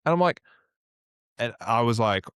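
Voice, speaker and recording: A man's voice: lively intonation, moderate pace, fairly bright tone, clean tone, no echo, clean studio sound. A man hosting a podcast interview, talking earnestly and emotionally, at times getting teary. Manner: mimics himself with a much higher voice in quoted asides. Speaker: podcast host. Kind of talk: casual interview chat.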